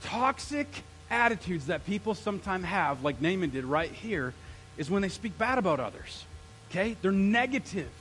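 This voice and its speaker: A male pastor preaching an energetic sermon, throwing questions out to the congregation. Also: high voice, normal speed, slight background noise, low-quality recording.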